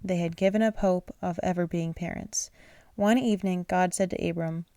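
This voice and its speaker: A woman's voice: on the low side, steady tone, moderate pace, smooth, no room sound, studio quality. A woman reading a children's bedtime story aloud, sleepy and apologetic, stumbling over names and restarting lines. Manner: gentle, unpolished reading with restarts. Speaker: channel host reading aloud.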